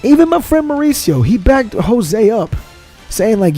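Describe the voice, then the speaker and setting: Young guy venting a long story, high voice but mellow tone, swears a lot, says bro and man constantly, faint music behind. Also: sing-song, a little slow. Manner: rambling and profane, repeating himself, slangy with "bro" and "man". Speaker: vlogger. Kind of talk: casual storytelling.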